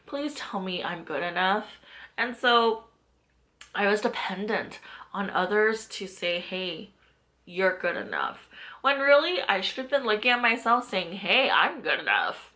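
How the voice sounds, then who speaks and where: A woman's voice: on the low side, sharp tone. A young adult woman, a mindset coach, giving an earnest, chatty motivational talk to camera and reflecting on her own past. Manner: earnest, chatty, self-reflective, with bursts of animation.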